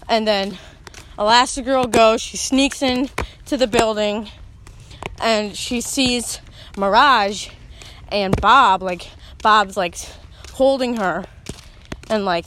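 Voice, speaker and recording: A woman's voice: on the high side, a bit bright, slight background noise. A young woman in casual chat, rambling through a long retelling full of fillers and laughter. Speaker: storyteller.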